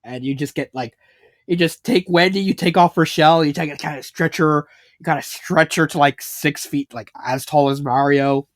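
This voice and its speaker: In a studio-quality recording with no echo, a man with a fairly high voice talking at normal speed reviews fanfiction. It's a casual, meandering take, thick with fillers, cursing, and frequent laughter.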